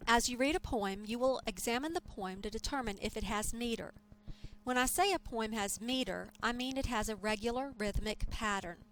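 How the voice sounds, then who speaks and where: A woman teaching a lecture, explaining terms in a clear, measured way. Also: a little high, a bit bright, rough recording. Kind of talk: scripted lecture.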